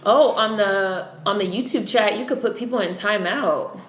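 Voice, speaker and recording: A woman's voice: mid-range voice, moderate pace. Blunt, profane woman with a New York accent. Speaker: livestream host. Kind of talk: casual live-stream chat. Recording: echoey room.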